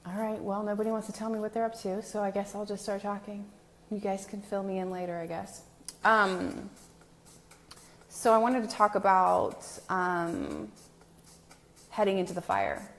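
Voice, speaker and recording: A woman's voice: mid-range voice, little pitch movement, normal speed, slight background noise. A woman hosting a casual live stream from her home, greeting viewers by name in a chatty, self-deprecating way. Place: new home with a brick wall, indoors.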